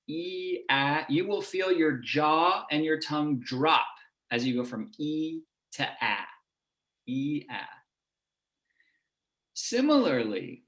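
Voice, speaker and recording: A man with a lower Midwest American accent giving an online lecture and demonstrating vowel sounds as he explains. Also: bright, forceful tone, reverberant. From United States.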